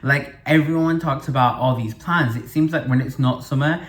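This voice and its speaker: A young man from the UK rambles through a casual solo podcast, chatty and full of fillers and quick self-corrections. His voice sits at an ordinary middle pitch. The living room around him gives the sound a noticeable echo. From United Kingdom. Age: young adult. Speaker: podcast host. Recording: echoey room.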